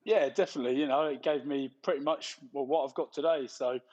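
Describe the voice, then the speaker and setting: A man's voice: mid-range voice, fairly even intonation, fast, a little mellow, muffled recording. Laddish man telling club stories. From England. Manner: laddish storytelling with swearing and laughs. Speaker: guest. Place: clubhouse before a live audience.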